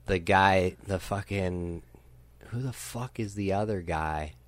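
A young man with a low voice tells a rambling, profane story to friends. The sound is dry and close. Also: slow, dry recording. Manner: profane, rambling storyteller with loud bursts of laughter. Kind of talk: casual chat. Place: outdoors by a grill.

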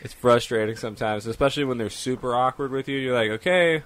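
A man's voice: mid-range voice, quick pace, a bit bright, no room sound. A young man in casual podcast chat, hesitant and full of fillers. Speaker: podcast co-host.

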